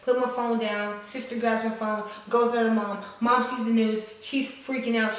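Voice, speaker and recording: A woman's voice: on the high side, level tone, moderate pace, few pauses. Frank young woman vlogger, echoey room. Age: 20s. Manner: frank, profane, dramatic, talks to viewers as y'all. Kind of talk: casual storytelling. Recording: echoey room, distant mic.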